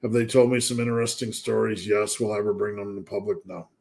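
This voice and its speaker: A man's voice: fairly low pitch, fairly even intonation, quick pace, gravelly, a little mellow. A man hosting a live fitness Q&A stream, chatting casually and asking himself rhetorical questions.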